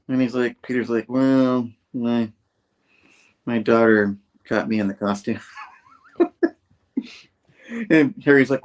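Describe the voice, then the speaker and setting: A man's voice: mid-range voice, unhurried, pauses often. A man recapping a comic book issue in casual chat, acting out the characters' lines in a raised voice.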